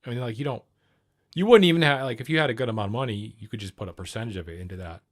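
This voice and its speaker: A man's voice: mid-range voice, racing. A man hosting a livestream, reacting to a clip and riffing in a profane, jokey, rambling way. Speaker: livestream host.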